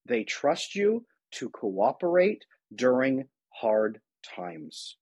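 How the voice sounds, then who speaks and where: A man's voice: medium pitch, very animated, drawn-out words, darkish tone, husky, dry recording. A man who works as an attachment specialist, speaking earnestly as a guest in a conversational interview and acting out talks with his kids.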